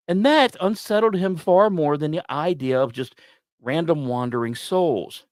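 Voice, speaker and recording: A man hosting a podcast, telling a history story with dramatic pauses and wry asides. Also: dry recording, studio quality. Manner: dramatic, wry asides, lively pitch swings. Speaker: podcast host. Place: small dry studio.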